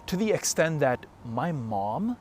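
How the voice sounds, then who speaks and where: A man's voice: fairly high pitch, very animated, slow pace, a little mellow, a little hiss or hum. A man giving an emphatic, blunt motivational talk straight to the camera as a fitness coach, with frequent swearing. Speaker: fitness and self-help coach.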